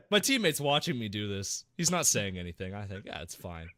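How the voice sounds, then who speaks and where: A young man tells a gaming story as a podcast co-host, his voice bright and swinging through a wide range. He swears freely and acts out the voices and gunfire himself. The sound is dry and close. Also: lowish voice, very animated, moderate pace, no room sound. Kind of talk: casual gaming story chat.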